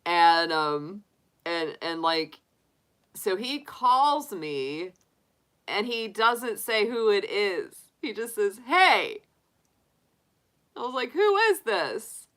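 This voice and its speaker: A woman's voice: mid-range voice, animated, slow pace, fairly bright tone, smooth. A middle-aged woman hosting a tarot livestream, chatting casually with viewers, laughing often and filling her talk with likes and restarts. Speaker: tarot reader livestream host. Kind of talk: casual chat to live viewers.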